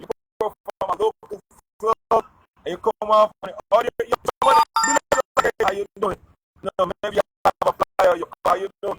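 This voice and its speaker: High-voiced man asking "you understand?". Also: noisy background. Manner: repeats "you understand?" after nearly every point; loose, rambling delivery with restarts, breaks into singing. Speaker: vlogger giving life advice. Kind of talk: casual motivational monologue to camera.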